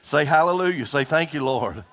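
A man preaching a fiery sermon to his congregation, folksy and animated, calling out for amens. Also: fairly high pitch, moderate pace. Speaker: pastor. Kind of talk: impassioned Pentecostal-style sermon. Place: church service before a congregation.

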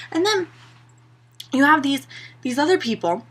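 A woman's voice: high voice, expressive, normal speed, a bit bright, a little hiss or hum. A young woman vlogging to her camera, a sarcastic and exasperated rant full of "like" and "you know". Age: young adult.

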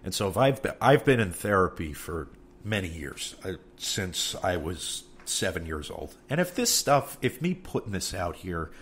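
Deep-voiced new york guy just talking it out on his podcast, blunt and rambly, swears plenty. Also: big pitch swings, normal speed, a bit bright, a little hiss or hum. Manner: frank and rambling, with frequent cursing. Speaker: podcast host. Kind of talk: candid casual monologue.

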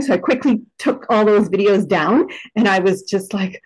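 Female participant, mid-pitched, animated and self-mocking storyteller. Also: moderate pace, hardly any pauses, low-quality recording. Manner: animated storyteller, laughs at herself. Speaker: discussion participant. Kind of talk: casual group conversation.

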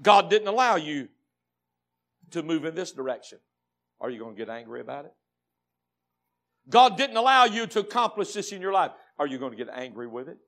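A man with a Southern American accent preaching a dramatic Baptist sermon, dropping to low murmurs and rising to shouts. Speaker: pastor.

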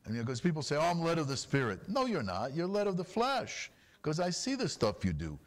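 A man preaching a sermon as pastor, animated and full of rapid rhetorical questions. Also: a little high.

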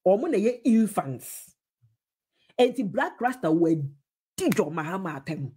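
A woman's voice: mid-range voice, big pitch swings, a little slow, warm tone, husky. A woman with a Ghanaian accent giving opinionated TV commentary, switching between English and Twi with emphatic, mocking remarks.

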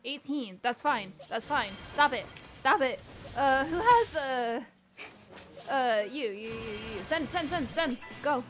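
A young woman streaming a video game, excitable, yelping and swearing as she plays. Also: high voice, slow, soft background music. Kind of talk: live gameplay commentary.

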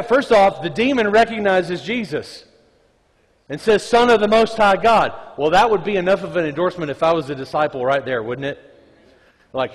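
A pastor delivers a conversational sermon in a church sanctuary, reading scripture aloud and joking with the congregation. His voice is fairly high and husky, and the hall is reverberant.

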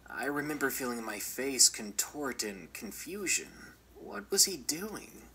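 A man reading a first-person horror story aloud as scripted narration, measured and often dropping to a whisper. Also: medium pitch, big pitch swings, pushed and bright, slight background noise, rough recording.

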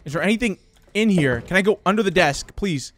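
A young man commentating a horror game for his channel, jumpy and excitable, dropping to hushed whispers and breaking into panicked yelps. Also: high voice, brisk. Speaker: gaming YouTuber.

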